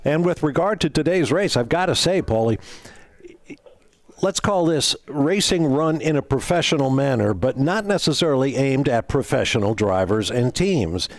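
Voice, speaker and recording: A man from Atlanta giving live race commentary, measured and knowledgeable, stretching words for emphasis. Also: medium pitch, lively intonation, dry recording. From Atlanta, USA.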